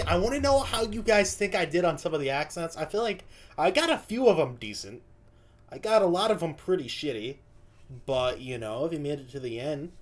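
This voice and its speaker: Give me an American man casually reacting to a clip for his channel, loose and self-deprecating. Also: a little high. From United States. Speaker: YouTuber reacting to a video.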